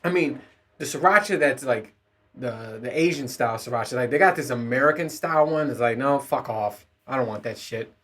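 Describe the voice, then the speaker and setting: A man's voice: medium pitch, a little fast, fairly bright tone. Male podcast host, mid-range voice, casual profane solo rant, rambling and laughing. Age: adult parent.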